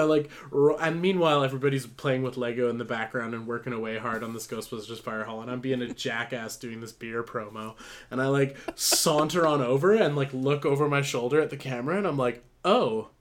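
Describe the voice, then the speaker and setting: A young man co-hosting a podcast, telling a story in a rambling, self-mocking way, full of fillers and swearing. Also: medium pitch. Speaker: podcast co-host. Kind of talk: casual storytelling chat.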